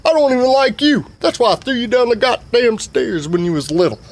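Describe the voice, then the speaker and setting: Guy putting on a shouty squeaky redneck daddy, mean old grump, little hiss behind. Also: animated, fairly quick. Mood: angry. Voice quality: loud, high, cursing.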